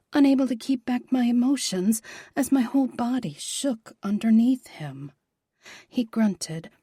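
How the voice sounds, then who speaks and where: A woman narrating a romance audiobook in a soft, breathy, half-whispered voice. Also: fairly high pitch, no room sound, studio quality.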